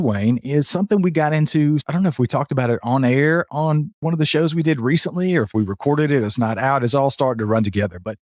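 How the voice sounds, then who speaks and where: A man's voice: fairly high pitch, darkish tone, no echo, clean studio sound. A man hosting a live podcast, upbeat and chatty, greeting viewers in the chat as he talks. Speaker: podcast host.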